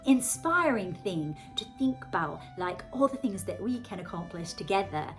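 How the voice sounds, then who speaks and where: A woman in her forties talks in a rambling, gushing way, full of little fillers. Her Southern American twang sits under a deliberate British RP polish, at a middling pitch. Soft music plays faintly behind her. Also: animated. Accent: American Southern with a put-on British RP polish. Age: 40s. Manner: gushing, effusive, chatty with many fillers. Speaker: author and vlogger. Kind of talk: rambling casual monologue to viewers.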